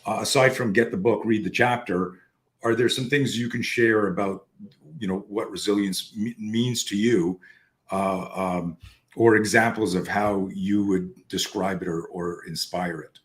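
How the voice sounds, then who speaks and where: Animated low-voiced podcast host. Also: male voice, unhurried. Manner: animated, swears freely, acts out dialogue. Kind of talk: casual storytelling chat.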